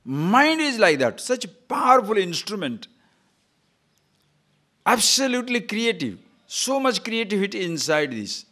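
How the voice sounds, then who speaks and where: Animated Odia-accented spiritual teacher. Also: male voice, sits high. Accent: Indian English, Odia. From Odisha, India. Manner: animated, playful, rhetorical questions. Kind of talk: spiritual discourse with storytelling.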